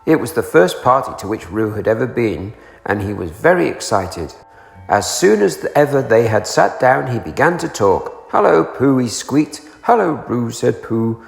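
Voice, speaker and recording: A man reading a children's storybook aloud in an unhurried way, raising his pitch for the small characters. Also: big pitch swings, gravelly, faint music behind. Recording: echoey room with long reverb.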